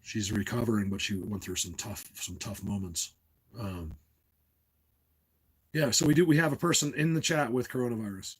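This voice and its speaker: A man's voice: fairly low pitch, normal speed, husky, rough recording. A middle-aged man from New Jersey chatting casually with his livestream viewers, rambling from tangent to tangent and laughing often. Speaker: livestream host. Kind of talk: casual live-stream chat with viewers.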